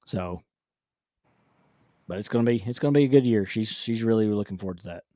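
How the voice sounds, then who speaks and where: A man's voice: lowish voice, a little fast, warm tone, no room sound, clean studio sound. A man hosting a casual live-stream chat, rambling with restarts and frequent laughs. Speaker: podcast host.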